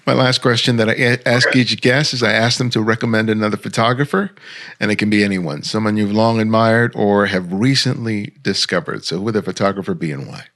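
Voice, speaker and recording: A man hosting a podcast interview, speaking at a low pitch. He asks his questions in a calm, measured way. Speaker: podcast host.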